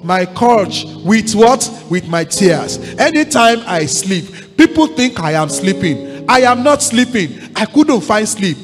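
A man's voice: high-pitched, big pitch swings, slow pace, few pauses. A Nigerian man preaching a sermon as pastor, urging his congregation to repeat lines back to him with repeated declarations. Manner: exhorting, repetitive call-and-response with congregation. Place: large church hall. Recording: long church hall reverb, faint music.

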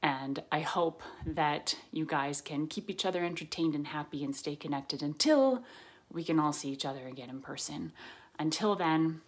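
Woman, Canadian accent, low-pitched, playful and affectionate, casual video greeting. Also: normal speed, breathy edge. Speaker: actress sending a fan greeting.

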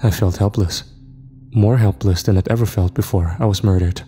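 A man narrating a first-person horror story in a steady, reflective way. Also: low voice, moderate pace, a little hiss or hum. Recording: reverb with faint music.

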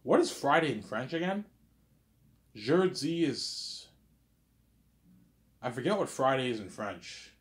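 A man's voice: mid-range voice, lively intonation, slow, long pauses. A young man talking alone in a rambling, boastful way, often repeating himself and stumbling over words. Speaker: vlogger. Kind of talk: rambling solo monologue.

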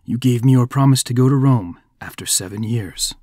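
A man's voice: mid-range voice, moderate pace, warm tone, no room sound, clean studio sound, natural voice. A man voicing a sly, scheming male devil who speaks in a cold, demanding way in a storytelling podcast.

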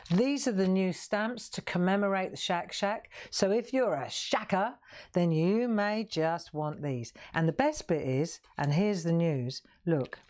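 A woman's voice: mid-range voice, darkish tone, slight background noise. A middle-aged woman hosting a live craft show, chatting playfully with viewers and joking as she shows her work. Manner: chatty, playful, sings snippets and jokes with viewers. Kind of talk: live craft stream chat.

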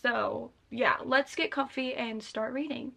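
A young woman with a bright, high voice chats casually to her camera about her reading. She rambles a little and pokes fun at herself. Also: a little slow, creaky. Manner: chatty, self-deprecating, rambling. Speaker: book vlogger. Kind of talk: casual vlog talk. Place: bedroom, in bed.

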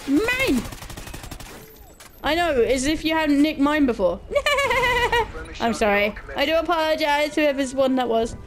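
A young woman chatting casually and bluntly with her viewers, crude and quick to giggle. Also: sits high. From Britain. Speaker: gaming livestreamer. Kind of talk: casual chat answering viewer questions.

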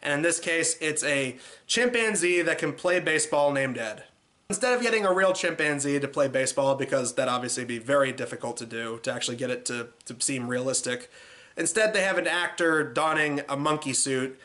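A man's voice: a little high, a little fast, pushed and bright. A man hosting a comedic movie review in a casual, sarcastic way, with lots of "uh" and "like" fillers. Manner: sarcastic, loose, many fillers like "uh" and "like".

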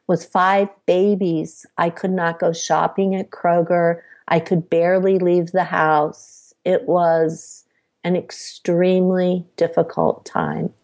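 A middle-aged woman, a podcast guest, recounting her life in a measured storytelling way. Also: lowish voice, warm tone. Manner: measured, acts out quoted dialogue. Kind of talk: personal storytelling.

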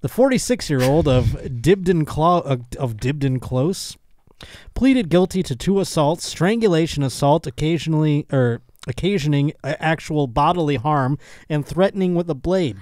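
A man's voice: a little high, animated, moderate pace, a little mellow, dry recording, clean studio sound. A man hosting a casual comedy podcast, reading news stories aloud and breaking off for jokey asides. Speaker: podcast host.

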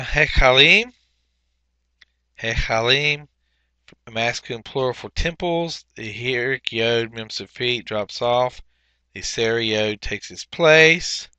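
A man walks through a grammar workbook as a teacher, talking slowly and methodically with frequent pauses. His voice has a bright, forward edge, and the recording is dry with no room sound. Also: mid-range voice, no room sound. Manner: methodical, pauses often with fillers while explaining. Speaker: Biblical Hebrew teacher. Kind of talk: recorded workbook walkthrough lesson.

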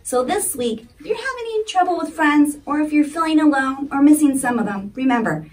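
A woman Sunday school teacher reading a children's story and asking the kids slow, encouraging questions. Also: sits high, lively intonation, a little mellow. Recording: voice a bit distant, faint music.

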